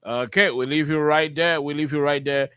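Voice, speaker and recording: A man hosting a call-in radio show, briskly repeating his words as he moves between callers. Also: on the high side, fairly even intonation, fairly bright tone, smooth, no echo.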